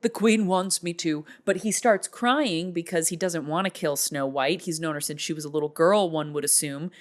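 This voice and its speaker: A woman's voice: deep voice, moderate pace. A woman in her thirties, casually recapping a movie in a chatty, amused, rambling way.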